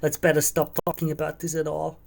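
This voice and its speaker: High-voiced man chatting while he cooks. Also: completely flat delivery, brisk, vocal fry, a little mellow. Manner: chatty, answers chat and muses aloud while working. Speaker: cooking livestreamer. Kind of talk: casual live-stream chat while cooking. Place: home kitchen.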